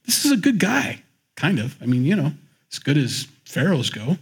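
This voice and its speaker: A man's voice: a little high, normal speed, gravelly, slightly rough. A man teaching the Bible in a conversational, joking way, acting out the scenes as he goes. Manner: animated, joking storyteller who acts out the scenes.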